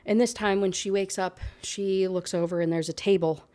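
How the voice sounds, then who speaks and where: A woman's voice: mid-range voice, steady tone, normal speed, warm tone. Sarcastic young woman ranting about a book. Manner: sarcastic, exasperated, filler-heavy storytelling. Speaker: book reviewer. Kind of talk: casual ranting book review.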